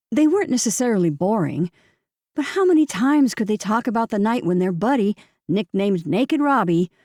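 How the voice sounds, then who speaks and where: An audiobook narrator, a woman, reads a novel from a script at a steady, measured pace. Her medium-pitched voice is dark and mellow with a gravelly fry. A close studio mic keeps the sound dry, with no room sound at all.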